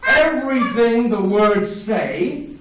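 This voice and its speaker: A woman's voice: on the high side, big pitch swings, slow. A woman reading a book aloud to a group of children at a library, playful and full of mock dismay. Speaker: children's storyteller. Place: public library, large echoey room. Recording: echoey, distant, dull, noisy library recording. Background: children's voices and laughter.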